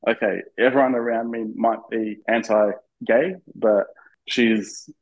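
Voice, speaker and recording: A man's voice: fairly low pitch, steady tone, a little slow, lo-fi sound. An Australian man, a podcast guest, telling an eager, nervous story with lots of fillers and restarts. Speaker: interview guest, fan. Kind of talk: casual storytelling in a podcast interview.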